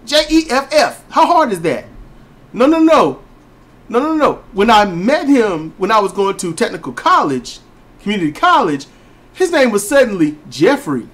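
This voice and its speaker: Emphatic man ranting on a podcast. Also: normal speed. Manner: emphatic, storytelling, lively pitch swings. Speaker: podcast co-host. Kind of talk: casual ranting commentary.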